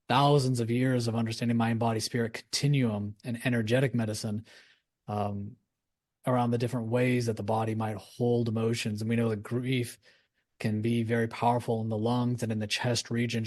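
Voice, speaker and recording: A man speaking earnestly as a guest in a reflective conversation, running through lists of words with lively emphasis. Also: medium pitch.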